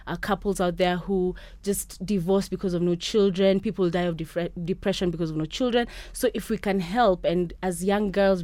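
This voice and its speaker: A young woman from Kenya, a guest in a radio studio, telling stories in a chatty, animated way. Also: lowish voice, dry recording. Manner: chatty, animated storytelling with quoted voices. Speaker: podcast host and interview guest.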